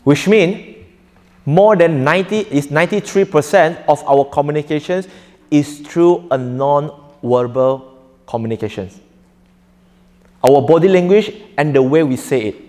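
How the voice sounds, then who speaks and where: A man's voice: fairly high pitch, unhurried, pauses often, warm tone, long reverb tail. A man teaching a live audience in an interactive lecture, joking often and quizzing listeners. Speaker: preacher teaching a workshop.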